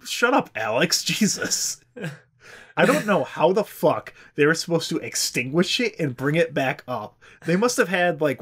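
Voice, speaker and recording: A male podcast host with a slightly high, somewhat bright voice tells a history story casually and irreverently. He swears freely and does silly voices.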